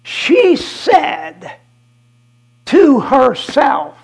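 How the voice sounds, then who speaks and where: A guest preacher giving a fiery sermon, emphatic and repetitive, swinging from shouted declarations to hushed asides. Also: sits high, wildly swooping pitch, very slow, gravelly, rough recording.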